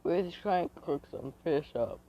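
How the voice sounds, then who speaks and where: Man doing frightened homeless kids, high squeaky pleading, well above his normal pitch, dull lo-fi audio. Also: expressive, moderate pace. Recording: dull lo-fi recording.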